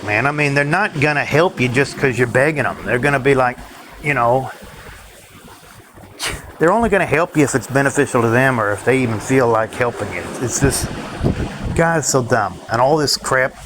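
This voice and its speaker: A man rants to his viewers in a bitter, worn-out way, cursing often and laughing dryly between complaints. His voice sits at an ordinary middle pitch. A steady noise runs behind him, with passing vehicles. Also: moderate pace. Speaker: vlogger. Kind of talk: ranting monologue to viewers.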